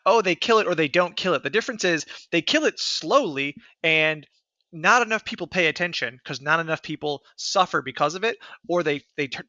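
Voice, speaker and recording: A man argues his point in a casual podcast, heated and emphatic, with frequent swearing. His voice is bright and a bit high for a man, and the recording is close and dry. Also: no echo. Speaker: podcast co-host. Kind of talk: casual political chat.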